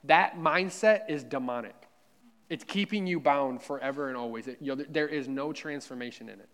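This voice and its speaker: A man's voice: mid-range voice, normal speed, fairly bright tone. A man preaching a sermon in a church, fervent and conversational, repeating himself and talking straight to his listeners. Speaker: pastor.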